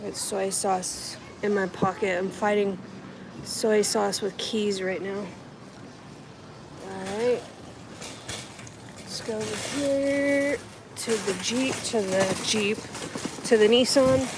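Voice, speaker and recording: A woman's voice: mid-range voice, steady tone, slow, pauses often, background noise. A woman vlogging casually as she runs errands between rideshare shifts, talking to herself and to viewers as she goes. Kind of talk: casual vlog narration while running errands.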